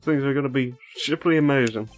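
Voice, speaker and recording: A man's voice: medium pitch, fairly quick, soft background music, natural voice. A man voicing a jovial, folksy older man with a hearty, drawling manner in a game read-through.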